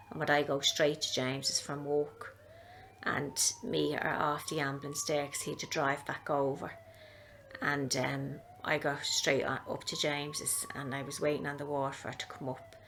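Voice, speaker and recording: A woman with an Irish accent telling an earnest, steady story of a family member's time in hospital. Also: low-pitched, a little hiss or hum. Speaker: interviewee, sister of the patient. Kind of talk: recorded testimony.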